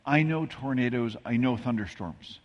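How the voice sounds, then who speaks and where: A man with a slightly husky voice preaches in a relaxed, conversational way, tossing in asides and jokes at his own expense. He is from the American Midwest. His voice rings out through a church with a long, lingering reverb. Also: mid-range voice, normal speed, highs cut off. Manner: conversational, self-deprecating storytelling with asides. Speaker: pastor. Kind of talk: sermon. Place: church sanctuary.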